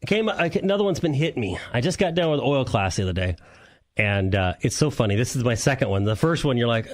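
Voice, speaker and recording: A man's voice: mid-range voice, big pitch swings, fast talker. Rambling man telling shop stories. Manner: rambling storyteller, chuckles often. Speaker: car show co-host and mechanic. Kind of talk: casual radio chat.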